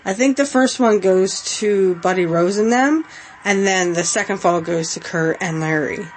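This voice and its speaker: A woman's voice: mid-range voice, moderate pace, slight background noise, rough recording. A young adult woman hosting a watch-along podcast, chatting casually and giggly with lots of fillers. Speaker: podcast host.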